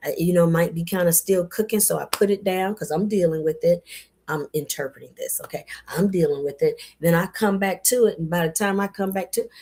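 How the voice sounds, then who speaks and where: A woman giving a casual spoken affirmation talk in a folksy, animated way, calling listeners baby and y'all. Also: on the low side. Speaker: motivational speaker.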